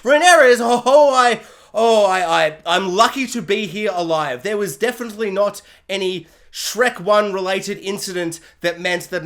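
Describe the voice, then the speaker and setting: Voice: a bit bright, lightly acted. A reviewer mocking a flustered old woman. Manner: shrill, stammering, melodramatic.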